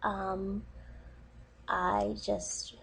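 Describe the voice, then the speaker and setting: A nervous, emotional woman talking haltingly on a dating video, pausing with many fillers and close to tears. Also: mid-range voice, flat delivery, vocal fry, fairly bright tone, a little hiss or hum. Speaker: online dating video maker.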